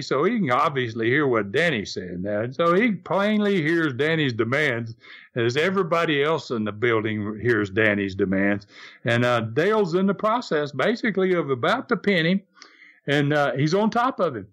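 An older man with a Southern American drawl spins a story in a relaxed, casual way. His voice sits a touch high and swings widely in pitch, and he often chuckles and acts out the shouts of the people in his tale. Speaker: podcast host telling wrestling stories.

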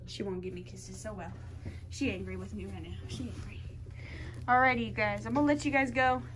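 A woman's voice: mid-range voice, fairly even intonation, brisk, fairly bright tone, slight background noise. A woman talking to a puppy in a teasing baby-talk voice and laughing often, then chatting casually to her viewers. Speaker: dog breeder vlogger.

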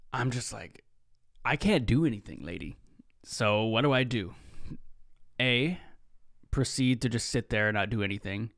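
A young man in his twenties tells a loose, rambling story on his own podcast, keeping it laid-back and dropping "man" into his sentences. His voice sits fairly low. The sound is dry and close, with no room echo. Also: a bit bright. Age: 20s. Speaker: podcast host. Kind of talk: casual storytelling monologue.

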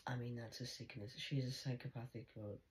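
An older woman speaks in a very deep, low voice, often dropping to a bitter mutter. She talks bluntly in a long confessional monologue, as if to herself. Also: steady tone, a little fast, poor audio.

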